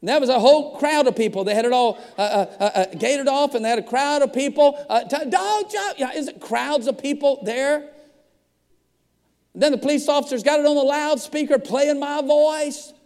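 Animated preacher telling stories in a hall. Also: male voice, extremely high pitch, normal speed. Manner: animated storyteller acting out dialogue. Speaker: pastor. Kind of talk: storytelling sermon. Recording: long hall reverb.

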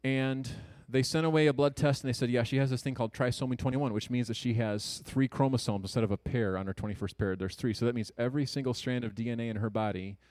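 A man in his thirties telling a personal story to an audience in an earnest, conversational way, with quick jokes and hushed asides. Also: mid-range voice, fairly even intonation, dry recording. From Ohio, USA.

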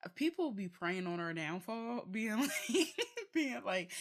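A young woman co-hosting a casual podcast chat, telling stories in an animated way, full of fillers, restarts and laughter. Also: mid-range voice, moderate pace. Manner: chatty, animated storytelling with frequent laughs. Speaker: podcast co-host.

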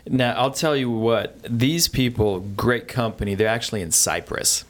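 A man's voice: medium pitch, moderate pace, slight background noise. A man, a home inspector, talking as a guest in a radio interview in an easygoing, plainspoken way. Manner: easygoing, plainspoken, brief replies.

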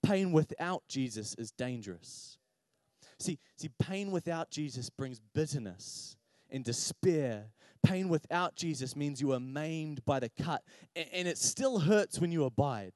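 A man's voice: fairly high pitch, animated, unhurried, darkish tone, no room sound, clean studio sound. A man preaching a sermon, personal and confessional, rising to impassioned pleading as he speaks to the congregation directly. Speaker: pastor.

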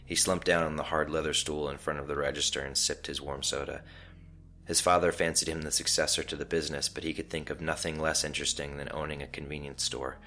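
A man narrating a scripted story in a calm, measured way. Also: rumbling low.

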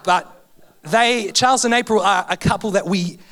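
A man delivers a sermon in a church. His voice sits fairly high for a man and keeps jumping up and dropping low as he preaches. He mixes humour with heartfelt moments. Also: moderate pace. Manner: animated, humorous, emotional preaching with big pitch swings. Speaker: guest preacher. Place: church hall.

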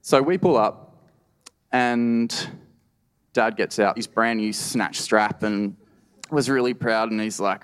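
A man's voice: lowish voice, slow, long pauses, clean tone. An Australian man telling a true story on stage at a live storytelling event, wry and conversational with lots of "you know". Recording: reverberant live hall.

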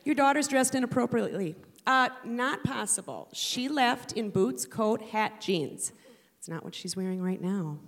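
A woman's voice: mid-range voice, measured pace, a bit bright. A middle-aged woman and mother telling a humorous personal story to an audience, with a playful, punchy delivery.

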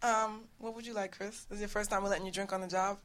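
A woman's voice: medium pitch, level tone, quick pace, a bit bright. Playful New York woman hosting a radio show. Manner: playful, teasing, laughs often. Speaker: radio show host and coach. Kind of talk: casual radio talk show chat.

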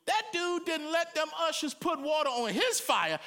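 A middle-aged man preaching with big, lively swings in his voice, shifting from near-whispers to shouted cries. His tone sits high and bright, and he talks in a loose, colloquial way. He acts out the people he quotes. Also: moderate pace, slight background noise. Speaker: pastor. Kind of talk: sermon.

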